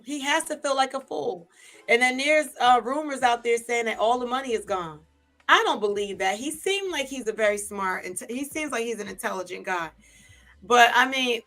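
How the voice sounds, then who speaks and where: A woman vlogger, gossiping in casual commentary to a live chat, chatty and animated. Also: fairly high pitch.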